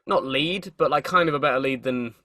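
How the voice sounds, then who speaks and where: A young man in casual chat, animated and swearing freely, often repeating words as he thinks. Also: medium pitch, a little fast, a crowd in the background.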